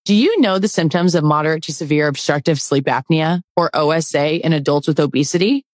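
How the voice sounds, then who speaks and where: Female voice-over, low and calm, dry studio read. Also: a little fast, dry recording. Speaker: commercial announcer. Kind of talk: scripted health ad narration.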